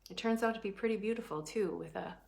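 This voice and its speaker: Speaking at a medium pitch with a creaky quality, a woman coaches a class on prosperity in an emphatic, animated motivational talk. She swerves between rapid bursts and slow, drawn-out phrases and keeps checking in with "right?"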